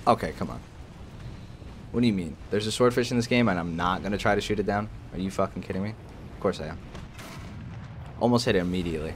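A young man casually commentating his own tank gameplay, excitable and profane, often jumping into loud outbursts. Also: deep voice, brisk, pauses often. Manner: excitable, profane, bursts into shouts. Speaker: gaming channel host. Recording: faint game noise behind. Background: game artillery and battle noise.

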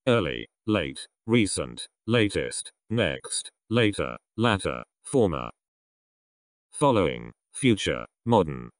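Deep slow man reading word lists. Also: no room sound. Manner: slow, word-by-word list reading with rising pitch on some words. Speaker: vocabulary reader. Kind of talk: reading vocabulary list aloud.

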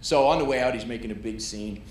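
A man's voice: medium pitch, fast talker, a little mellow. A middle-aged man doing a stand-up set, telling a brash, punchy story and working the crowd. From New York. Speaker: stand-up comedian. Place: comedy club stage. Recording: echoey club with audience noise.

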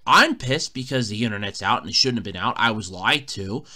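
A man's voice: fairly low pitch, animated, fairly quick, sharp tone. A man hosting a casual solo podcast, telling an exasperated, swearing story, recorded in a borrowed room at a fire company. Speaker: podcast host.

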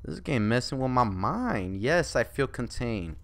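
Animated young man reacting to a game. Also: mid-range voice, a little slow, vocal fry. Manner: joking, reactive, swings from mutters to yells. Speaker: gaming YouTuber. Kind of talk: let's play commentary.

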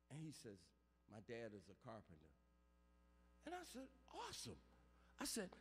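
High, lively preacher in a reverberant church. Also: male voice, husky. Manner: call-and-response preaching, rising to shouts. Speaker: pastor. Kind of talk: funeral sermon. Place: large church sanctuary.

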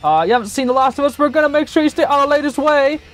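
A man's voice: very high-pitched, racing, a bit bright, soft background music, voice pushed up. A man voicing a pushy male gang grunt in a put-on British accent. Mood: threatening.

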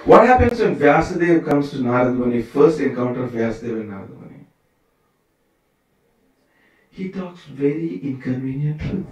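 A man's voice: medium pitch, darkish tone. Distant man in an echoing temple hall. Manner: conversational, digressive, full of rhetorical questions. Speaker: temple speaker giving a scripture class. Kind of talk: scripture class. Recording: very echoey room, from far off.

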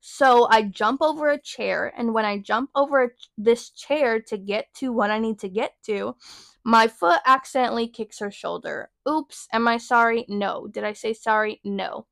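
A young woman in her early twenties hosts her own podcast and tells stories in a sassy, profane rant. Her voice sits a little high. It is recorded close and dry, with no room sound. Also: normal speed, creaky, fairly bright tone, dry recording. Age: young adult. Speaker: podcast host. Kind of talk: casual storytelling rant.

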